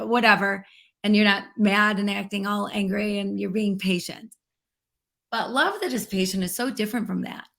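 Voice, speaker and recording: A woman interview guest talking in an earnest, reflective way, slowing down to stress key words. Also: mid-range voice. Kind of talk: heartfelt interview conversation.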